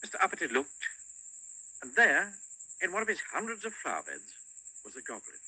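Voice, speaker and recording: A man narrating a children's storybook with a highly expressive, swooping delivery. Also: a little fast, long pauses, slightly rough, dry recording, low-quality recording. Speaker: audiobook narrator.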